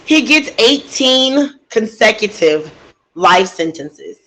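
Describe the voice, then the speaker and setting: A woman's voice: on the high side, sing-song, takes it slowly, fairly bright tone, low-quality recording. A woman telling a true crime story casually into a desk microphone, getting emotional and outraged and talking straight to her listeners.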